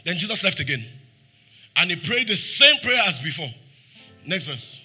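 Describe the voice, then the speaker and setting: Very animated yet at normal speed, a Nigerian man with a slightly rough voice preaches a sermon as pastor against soft background music. He poses rhetorical questions to the congregation, acts out scripture quotes, and turns soft and low when pleading.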